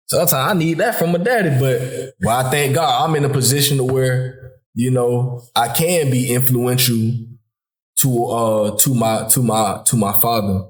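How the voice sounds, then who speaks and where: Man, podcast host, heartfelt casual chat, says "bro" a lot, mid-pitched voice, echoey room. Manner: informal Southern US speech, calls listener "bro".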